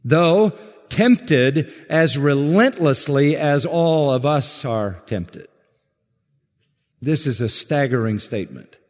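A man preaching a sermon to a congregation, measured and emphatic, stressing words slowly. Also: fairly high pitch, animated, darkish tone, big-room sound. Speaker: pastor.

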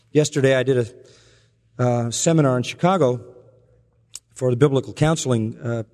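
A man preaching in a measured, earnest storytelling manner, easing into quieter, slower delivery for the moving moments. His voice sits at a middle pitch. The sound carries a long hall reverb. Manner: earnest storytelling, slows and softens for emotional quotes. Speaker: pastor. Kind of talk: sermon.

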